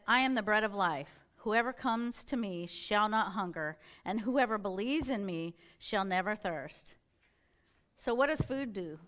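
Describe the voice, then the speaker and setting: A woman's voice: medium pitch, fairly bright tone. A middle-aged woman, a church elder, giving an earnest sermon-style testimony and acting out her own inner dialogue as she tells her story.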